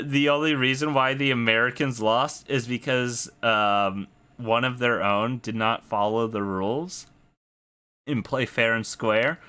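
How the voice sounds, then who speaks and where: A man's voice: mid-range voice, bright, forceful tone, clean tone. A young man hosting a podcast, ranting casually about an anime with lots of swearing and disbelieving laughs. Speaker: podcast host. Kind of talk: casual anime review rant.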